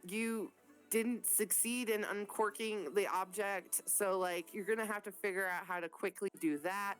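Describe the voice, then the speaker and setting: A woman runs a tabletop game and narrates the action in a loose, profane, animated manner. Her voice sits in a middle pitch. Faint music plays underneath. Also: measured pace, clear, resonant tone. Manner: casual, profane, animated storytelling. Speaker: game master.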